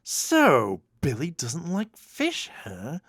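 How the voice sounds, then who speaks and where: A man's voice: fairly high pitch, wildly swooping pitch, very slow, fairly bright tone, slightly rough, no room sound, studio quality, voice pushed up, heavily acted. A man putting on a screeching evil empress. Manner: screeching, bossy. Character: shrieking evil female sorceress empress.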